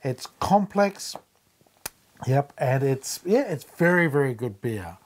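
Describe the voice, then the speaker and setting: A man's voice: mid-range voice, big pitch swings, takes it slowly. An Australian man co-hosting a beer show, chatting casually and upbeat through a tasting. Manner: chatty, upbeat, uses fillers.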